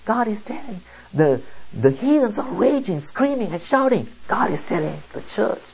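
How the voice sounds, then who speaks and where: A preacher delivering a sermon in a slow, emphatic way, asking the listeners one rhetorical question after another. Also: mid-range voice, sing-song, a little mellow, highs cut off.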